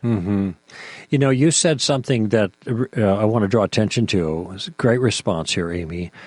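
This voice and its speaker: A man's voice: on the low side, moderate pace, a little mellow, no room sound. Impassioned man hosting an apologetics show. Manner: impassioned, emphatic, full of rhetorical questions. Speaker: podcast host. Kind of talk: apologetics radio discussion.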